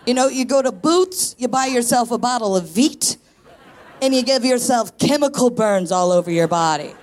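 A woman in her thirties doing a chatty, self-deprecating stand-up set on a stage before a live audience. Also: high voice. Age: 30s. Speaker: stand-up comedian guest.

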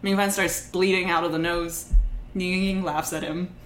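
Brief: lower-voiced woman host, animated story recap, echoey room. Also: normal speed. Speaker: podcast host. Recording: echoey room, faint noise.

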